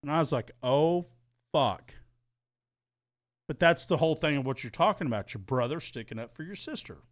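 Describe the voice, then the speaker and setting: A man's voice: fairly high pitch, expressive, fast, dry recording, studio quality. A man co-hosting a podcast, telling a heated personal story in casual, profane chat and re-enacting arguments. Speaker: podcast co-host.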